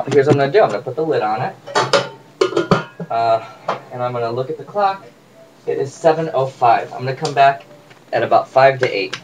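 A man casually demonstrating a recipe in his home kitchen, chatty and joking with viewers. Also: medium pitch. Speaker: home cook vlogger. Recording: distant mic with faint room noise.

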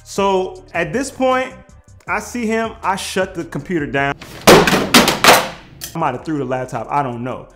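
A man telling a funny personal story in casual slang, animated and prone to shouting out the lines he quotes. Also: on the high side. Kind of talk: comedic storytelling.

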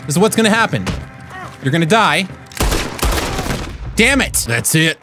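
A man giving comedic gameplay commentary as a YouTuber, goofing around and yelling playful threats at other players. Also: fairly high pitch, sing-song, a little slow, long pauses, music in the background. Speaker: gaming YouTuber.

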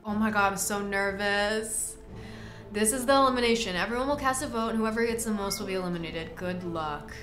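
A young woman giving excitable, reactive commentary while playing a video game, yelling at wins and groaning at losses. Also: mid-range voice, a little fast, roomy sound, faint music behind. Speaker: gaming video creator.

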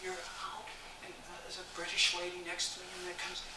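A man's voice: sits high, completely flat delivery, a little fast, noisy background. A man giving a keynote talk, telling a personal story animatedly, often stammering and restarting, acting out the voices of others. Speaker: keynote speaker. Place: large library hall. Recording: echoey hall from far off.

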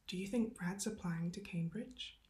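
A woman's voice: fairly low pitch, normal speed, mellow, natural voice. A woman reading aloud, voicing an eager, gossipy teenage girl. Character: chatty teenage girl, best friend. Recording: roomy echo.

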